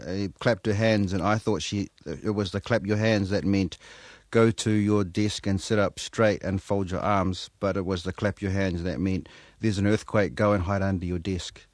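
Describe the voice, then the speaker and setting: A man with a New Zealand accent hosting a radio interview, playful and mock-earnest with deadpan jokes. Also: low voice, moderate pace, hardly any pauses, dry recording. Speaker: radio host. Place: radio studio. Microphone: studio microphone.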